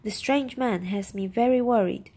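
A woman voicing a nervous, tearful young woman thief in a storybook reading, talking in quick, pleading bursts. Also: fairly high pitch, dark tone, husky.

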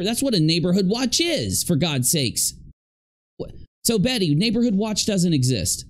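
Emphatic man with a lively voice. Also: on the high side. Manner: emphatic, indignant, repeats points for stress. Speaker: commentator reacting to clips. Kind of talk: reaction commentary.

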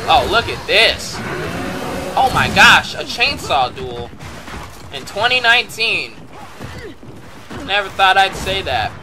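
Excitable, swearing male gamer. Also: high voice, slow pace, pauses often, background noise. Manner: excitable and profane, bursting into shouts. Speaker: gameplay commentator. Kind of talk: live gameplay commentary.

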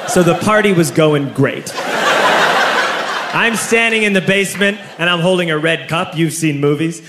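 A young man doing stand-up, telling a story with animated delivery and shouting his punchlines. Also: on the high side, moderate pace. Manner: animated, shouting punchlines over audience laughter. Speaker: stand-up comedian. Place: live comedy venue with an audience. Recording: roomy live recording with crowd laughter and noise.

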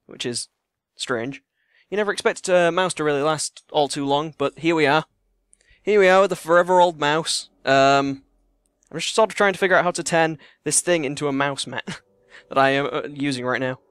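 A young man chatting casually and profanely while playing a game in his cramped bedroom, rambling and jokey, yelling in a panic when enemies attack. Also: a little high, clear, resonant tone, dry recording, studio quality. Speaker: let's play gamer. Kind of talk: casual gameplay commentary.

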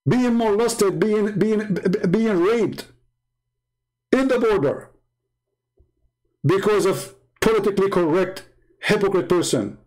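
Combative Arabic-accented man, higher voice. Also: unhurried, long pauses, a little mellow, poor audio. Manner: combative, mocking, name-calling. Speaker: online commentator. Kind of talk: heated political monologue.

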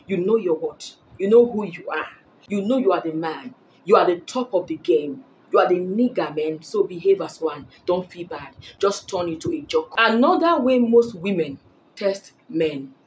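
A woman's voice: lowish voice, a little mellow, a little hiss or hum, poor audio. A woman giving blunt dating advice straight to camera, emphatic and preachy, repeating her points for stress. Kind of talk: direct-to-camera advice talk.

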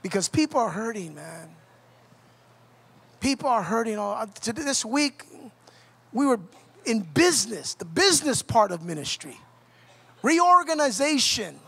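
High, bright-voiced preaching man. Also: big pitch swings, unhurried, vocal fry, pauses often, husky. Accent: Southern Californian. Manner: impassioned preaching, builds to shouts then drops low. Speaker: pastor. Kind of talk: sermon.

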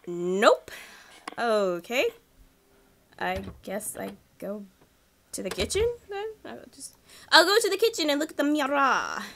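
A woman playing a horror game and chatting excitedly to herself and the characters, dropping into hushed whispers when tense. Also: on the high side, a little slow, long pauses. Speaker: gaming channel host.

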